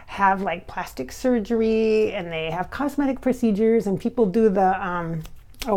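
A chatty, giggly woman with slightly blurred S sounds from clear braces, talking casually to camera from home as a medium. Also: fairly high pitch, a little mellow. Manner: chatty and giggly, many fillers and restarts. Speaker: spiritual medium and channel host.

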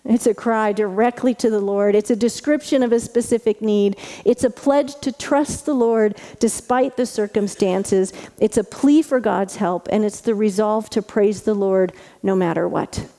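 A woman's voice: medium pitch, fairly even intonation, moderate pace, hardly any pauses, dark tone. A woman pastor giving a conversational sermon, chatty and full of asides and restarts. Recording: long reverb of a large hall.

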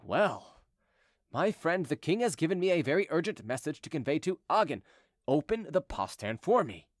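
A man voicing Chicot, a quick-tempered, cunning middle-aged royal envoy with an exasperated, sardonic way of talking. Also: fairly high pitch, very animated, dry recording, studio quality, voice pushed up.

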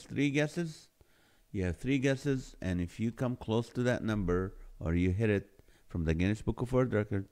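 A low, warm voice belongs to the middle-aged man hosting this live stream. Reading viewer comments aloud in a casual back-and-forth, he's jokey and playful and laughs often at the jokes.

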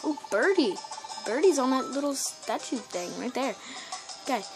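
A woman giving casual, excitable commentary while playing a video game, with frequent gasping exclamations. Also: sits high, moderate pace. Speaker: gameplay video host. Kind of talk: casual let's-play commentary. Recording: loud game music underneath.

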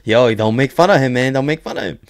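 A young man hosting a casual reaction video, excitable and swearing, full of "yo" exclamations and laughter. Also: medium pitch, quick pace.

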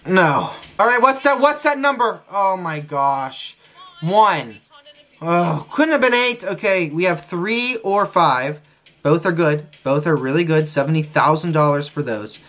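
A man streaming a casino session, frustrated, talking excitedly and repeating his pleas to the wheel. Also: on the high side, unhurried. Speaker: gambling streamer. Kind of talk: live casino session commentary.

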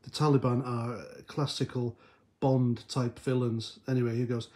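A man's voice: medium pitch, flat delivery, a little slow, a little mellow, husky, dry recording. A British man and army veteran giving a blunt, sarcastic opinion monologue and laughing often. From United Kingdom.

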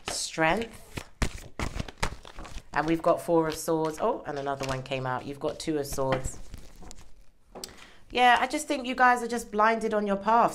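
A woman giving a casual tarot reading, chatty and encouraging, often checking in with "okay?". She speaks into a microphone worn close to her hair. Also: low voice. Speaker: tarot reader. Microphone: microphone worn near her hair.

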